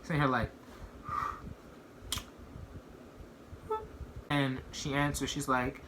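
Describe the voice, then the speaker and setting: Bright-voiced young man telling a story. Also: mid-range voice, fairly even intonation, extremely slow, slight background noise. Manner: rambling, heavy use of "like" and "you know what I mean". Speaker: vlogger. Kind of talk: casual storytime.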